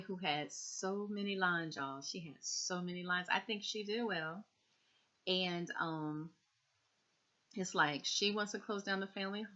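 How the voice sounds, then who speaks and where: A woman's voice: lowish voice, sharp tone, dull audio. A woman chatting casually as a TV recap vlogger, repeating herself and talking straight to her viewers.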